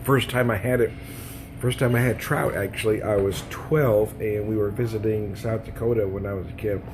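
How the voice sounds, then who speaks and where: A man's voice: fairly low pitch, fairly even intonation, moderate pace, background noise. A man losing his voice, chatting folksily and rambling while reviewing beer and food outdoors, laughing often. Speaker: beer vlogger. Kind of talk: casual video review. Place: outdoors at a trout farm restaurant.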